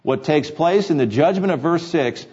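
A man's voice: fairly high pitch, lively intonation, normal speed, a little mellow, husky, dull audio. A man preaching a sermon to his congregation, earnest and repeating key phrases for emphasis. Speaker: pastor. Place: church sanctuary.

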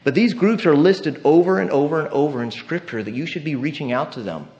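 Pastor preaching, muffled recording. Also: male voice, on the high side, animated, brisk, a little mellow. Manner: conversational, storytelling with tag questions. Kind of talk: sermon.

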